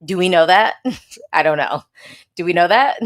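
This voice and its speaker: Sassy chatty woman blogger, lowish voice. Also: normal speed. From United States. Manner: chatty, sassy, frequent laughs and emphatic repeats. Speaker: Eurovision blogger, host. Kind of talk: casual livestream chat reading viewer comments.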